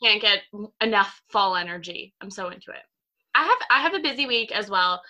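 Young woman gabbing on a video call podcast, bright voice, bubbly and rambly. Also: medium pitch, animated, fairly quick. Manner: chatty, upbeat, lots of fillers. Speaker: podcast co-host. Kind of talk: casual chat.

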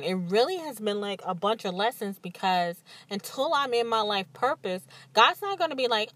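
Animated, candid woman podcast host. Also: mid-range voice, normal speed, hardly any pauses. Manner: animated storytelling with acted-out quotes and frequent laughs; emphatic and candid. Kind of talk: casual monologue.

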